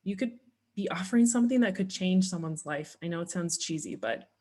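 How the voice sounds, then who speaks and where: A woman guest speaks in a fairly low voice. She talks earnestly and encourages listeners about sales and teaching. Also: animated, brisk, darkish tone. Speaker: guest, online business teacher. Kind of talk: conversational coaching talk.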